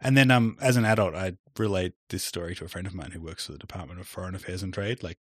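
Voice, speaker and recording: Low-voiced aussie guy on a podcast, relaxed, trails off soft, dry close mic. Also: quick pace, husky, no room sound. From Australia. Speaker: podcast co-host. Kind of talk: casual chat.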